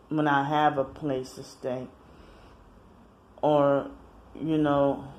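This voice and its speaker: Rambling woman, halting and self-correcting. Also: deep voice, mellow. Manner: rambling, halting, often corrects herself mid-sentence. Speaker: vlogger. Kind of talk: casual personal monologue.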